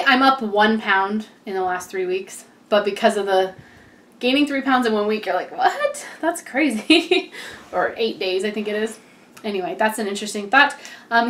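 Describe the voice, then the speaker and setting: A woman's voice: mid-range voice, a bit bright. Young pregnant woman vlogging casually, chatty and rambling with frequent laughter. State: heavily pregnant. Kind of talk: casual pregnancy update vlog.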